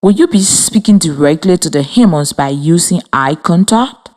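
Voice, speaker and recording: A woman from Liberia teaching a children's reading lesson over radio, speaking slowly and clearly with encouragement. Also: fairly low pitch, expressive, darkish tone. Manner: slow, clear, encouraging, spells and claps out words. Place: radio studio with students.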